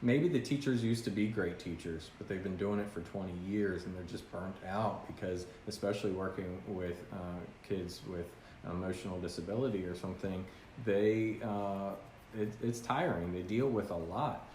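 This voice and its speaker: A man's voice: low voice, moderate pace, a little mellow. A man hosting a podcast in casual chat, earnest and reflective, with frequent ums and uhs. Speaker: podcast host. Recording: roomy sound with faint noise.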